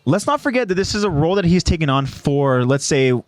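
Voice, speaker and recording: A man's voice: on the high side, big pitch swings, fast, no echo. A male podcast host in casual chat, recapping an episode in a chatty, self-correcting way.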